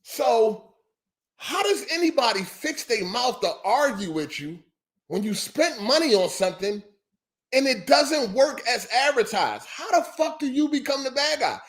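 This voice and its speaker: A man's voice: extremely high pitch, big pitch swings, a little slow. A man hosting a podcast, ranting in a heated, profane and repetitive way. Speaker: podcast host. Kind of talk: ranting solo podcast monologue.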